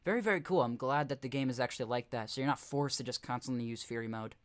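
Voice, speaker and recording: A young man talking through game footage on a live stream, chatting loosely with his viewers. He rambles, restarts his sentences and corrects himself, and his pitch sits in an ordinary middle range for a man. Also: fast talker. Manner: rambling, self-correcting, chuckling asides. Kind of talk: casual live-stream commentary.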